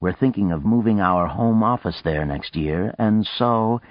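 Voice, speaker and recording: A man doing a smooth, cold executive. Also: lowish voice, a little slow, dry recording, voice pushed up, close to an everyday voice. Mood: cool. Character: amiable but cold male executive. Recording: dry, dull lo-fi audiobook recording.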